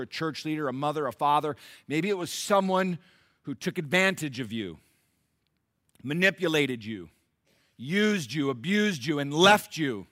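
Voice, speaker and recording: A middle-aged man preaching a sermon to his church, rising to loud emphatic peaks and dropping to hushed, intimate asides. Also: mid-range voice, no echo, clean studio sound. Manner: acts out biblical characters in quick voices. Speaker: pastor.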